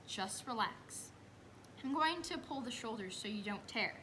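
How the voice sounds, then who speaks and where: A brisk, calm male doctor coaches a patient through a birth, quoted by a young woman in a stage monologue. The delivery is bright, slow and coaxing. A faint hiss runs underneath. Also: fairly high pitch. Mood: coaching. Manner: coaxing, instructive.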